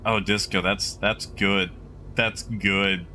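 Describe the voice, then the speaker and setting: A man's voice: low voice, fairly even intonation, slow pace, pushed and bright, slight background noise. A man streaming a game live, chatting casually and rambling as he muses aloud to his chat.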